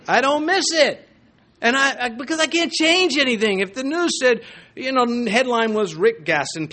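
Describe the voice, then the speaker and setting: A middle-aged man preaching a sermon, animated, with jokes and asides. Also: sits high. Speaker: pastor.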